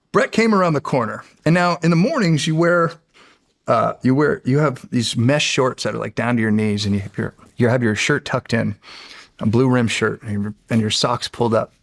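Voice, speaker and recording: Gravelly guy in his middle years telling a story on a podcast, animated, lots of restarts. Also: mid-range voice, normal speed. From United States. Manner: animated, laughs through his anecdote, frequent restarts. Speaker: podcast guest, former Navy SEAL. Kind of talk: casual storytelling.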